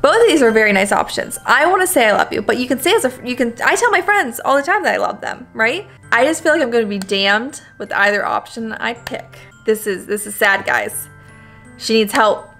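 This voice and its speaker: A young woman commentating a game for her audience in a blunt, reactive way that doesn't shy from swearing. Her voice sits high with a gravelly edge, and faint music plays underneath. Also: lively intonation, brisk, a bit bright. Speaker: gaming video host. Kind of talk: let's-play commentary.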